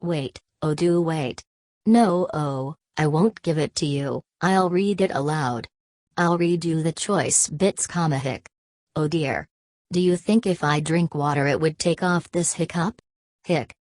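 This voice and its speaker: A man's voice: on the high side, unhurried, no echo, close to an everyday voice. A woman reading an audiobook, voicing a tipsy, giggling young man who squeals and hiccups. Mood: tipsy, gushing.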